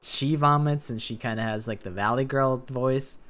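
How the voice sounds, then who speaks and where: A man's voice: medium pitch, moderate pace, a bit bright. Tired rambling male streamer. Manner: rambling, hesitant, trails off. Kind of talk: casual gameplay chat. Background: game music.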